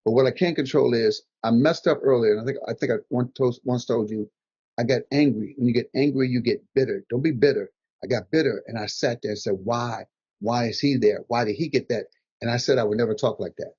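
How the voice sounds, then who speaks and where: A man's voice: mid-range voice, fast talker, slightly rough. An older man, a guest comedian, giving motivational advice in conversation and acting out the things people said to him. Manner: animated storyteller, acts out quotes. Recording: dull lo-fi audio.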